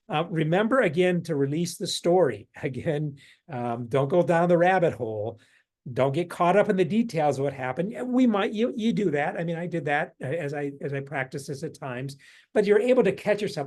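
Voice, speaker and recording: A man with a fairly high voice teaches a guided meditation practice. He rambles gently, chuckles often, and drops into soft, quiet repetitions of simple phrases. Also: big pitch swings, moderate pace. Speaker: workshop leader. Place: a room indoors.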